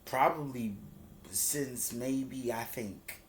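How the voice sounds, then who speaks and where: A man telling a wrestling story like he's chatting with a friend. He's animated and loose, drops into slang and acts out the wrestlers' lines as he goes. The middle of his pitch sits right where most men talk. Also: very slow, background noise. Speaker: wrestling reviewer. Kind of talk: casual review recap.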